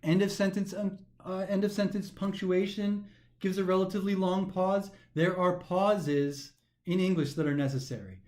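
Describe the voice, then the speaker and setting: A man teaching a recorded grammar lesson for a test, talking animatedly and slowing down to stress the pauses as he reads sentences aloud, sometimes tripping over his words. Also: high-pitched. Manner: animated, emphatic, slows down to stress pauses when reading aloud. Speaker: test prep instructor.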